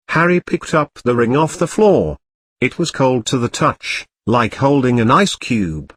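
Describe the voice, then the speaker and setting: A man narrating a comic storybook parody in a deadpan reading style. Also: mid-range voice, unhurried, slightly rough.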